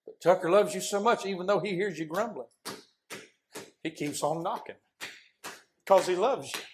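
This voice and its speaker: A man preaching a sermon as an impassioned storyteller who often shouts. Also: high-pitched, normal speed, a little hiss or hum.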